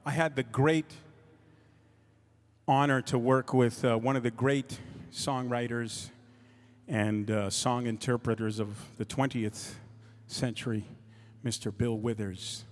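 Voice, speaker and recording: A man's voice: mid-range voice, fairly even intonation. Easygoing male storyteller in a hall. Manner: easygoing, with frequent "uh" pauses. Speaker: guest speaker and musician. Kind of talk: storytelling to an audience. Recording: echoey hall.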